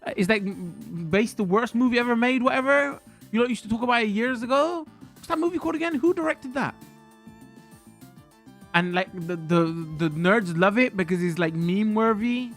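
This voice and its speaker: A man chatting casually on a livestream, animated and swearing as he rants to his chat from a hot room with a fan running. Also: sits high, moderate pace, faint music behind.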